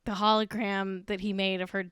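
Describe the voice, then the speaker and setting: A woman's voice: medium pitch, level tone, moderate pace, a bit bright, clear, resonant tone, dry recording, clean studio sound. A tipsy woman hosting a celebrity gossip podcast, talking in a giggly, profane, gleefully catty way. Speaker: podcast host. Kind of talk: casual celebrity gossip chat.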